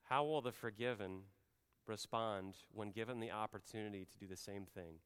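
A man preaching a sermon as pastor, conversational, often slowing and dropping to a quiet voice for emphasis. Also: lowish voice, smooth, in a large hall. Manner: conversational, drops soft and slow for emphasis.

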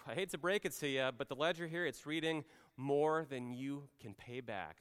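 A man's voice: medium pitch, normal speed, a bit bright, clear, resonant tone, pitched above the performer's own voice, lightly acted. A man doing a blunt, breezy king. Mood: breezy, matter-of-fact. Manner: breezy and matter-of-fact, calls the debtor "buddy". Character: blunt businesslike king settling a servant's debts.

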